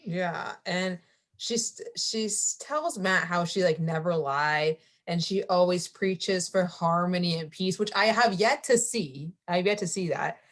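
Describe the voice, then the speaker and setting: A young woman co-hosting a podcast in casual chat, expressive and fond of slang and mock quotes. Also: fairly low pitch, a little slow. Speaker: podcast co-host.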